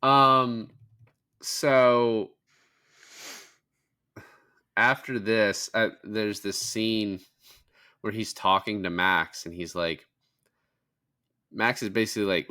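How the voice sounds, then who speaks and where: A man's voice: lowish voice, fairly even intonation, slow pace, long pauses, sharp tone. A young man co-hosting a casual film review podcast, retelling scenes with lots of swearing and fillers. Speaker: podcast co-host.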